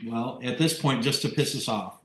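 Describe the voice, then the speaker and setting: A man's voice: mid-range voice, normal speed, a bit bright. A man with a mid-range voice makes dry, teasing remarks while hosting a casual group discussion. His voice carries around an echoey room. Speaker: workshop host.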